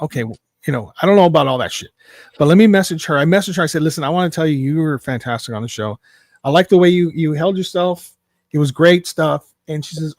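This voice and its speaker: A man with a fairly high speaking voice tells a wild personal story as a podcast guest, animated and emphatic and never shy about swearing. The sound is close and dry, with no room in it. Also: quick pace, no echo. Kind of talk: casual storytelling.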